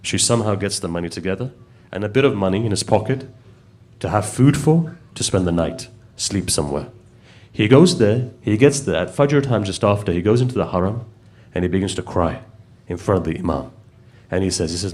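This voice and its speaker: A man's voice: low-pitched, lively intonation, brisk, a little mellow. A man preaching, telling a story in a conversational way and putting questions to his listeners. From United Kingdom. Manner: conversational, asks the audience questions. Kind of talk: storytelling sermon.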